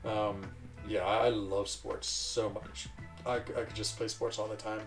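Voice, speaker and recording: A man's voice: fairly low pitch, little pitch movement, a little slow, distant mic, soft background music. A man hosting a livestream, chatting casually in a rambling way and laughing often. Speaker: livestream host.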